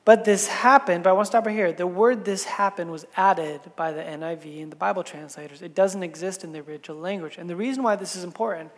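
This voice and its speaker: A woman's voice: lowish voice, fast talker, hardly any pauses. A woman pastor preaching a sermon in a church sanctuary, her voice ringing out with a long hall reverb. She tells the story conversationally, slipping in casual, chatty asides as she goes.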